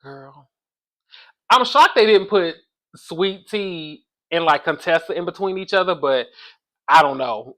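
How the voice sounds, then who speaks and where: A man casually reviewing a reality show episode, sassy and animated, calling his listeners baby and y'all, with features. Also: a little high. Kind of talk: casual chat.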